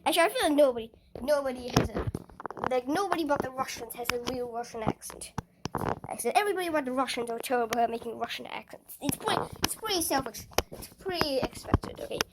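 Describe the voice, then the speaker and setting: High-voiced stammering woman gamer. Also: expressive, fast, heavy background noise. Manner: stammering, repeats words, chatty and self-conscious. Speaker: gaming channel host. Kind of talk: casual gameplay commentary.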